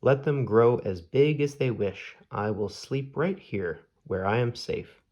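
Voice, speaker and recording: A man reading a gentle, earnest little owl. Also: medium pitch, unhurried, highs cut off, close to an everyday voice. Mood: calm. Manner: simple, earnest storybook speech.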